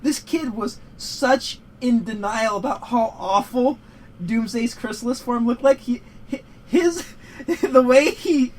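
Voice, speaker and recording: Rambling, profane young man, high voice. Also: slow, rough recording. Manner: rambling, profane, laughs often. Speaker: podcast co-host. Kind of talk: casual gaming chat.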